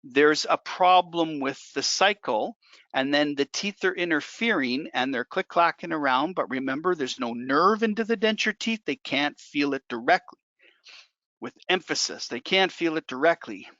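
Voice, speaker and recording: Male instructor demoing lab work, chatty and repetitive for emphasis, bright voice, lo-fi recording. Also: on the high side, normal speed, no echo. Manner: conversational, repeats points for emphasis. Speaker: dental technician instructor. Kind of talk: hands-on instructional demo. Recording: dull dry lo-fi recording.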